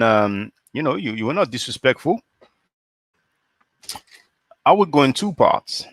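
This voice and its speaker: A man hosting a live stream, talking in a measured, hesitant way and often clearing his throat. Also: medium pitch, a bit bright, dry recording, clean studio sound. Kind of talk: casual discussion.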